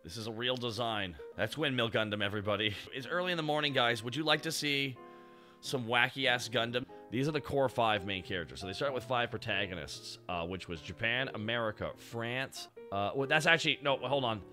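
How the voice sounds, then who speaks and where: Excitable man with a very bright voice. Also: medium pitch, brisk, soft background music. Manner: excitable, rambling, swears freely. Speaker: show host. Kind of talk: casual chat reviewing robot designs.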